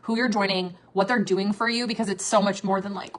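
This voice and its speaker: A woman, a former network marketing leader, ranting casually and with lots of profanity, jumping between loud outbursts and low asides. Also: brisk, hardly any pauses, slight background noise. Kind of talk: casual livestream rant.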